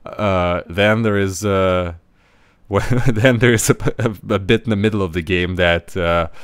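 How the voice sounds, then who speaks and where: A man hosting a casual podcast chat, talking in halting bursts and often repeating words while he finds the phrase. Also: sits low, fairly even intonation, clear, resonant tone, no echo. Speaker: podcast host.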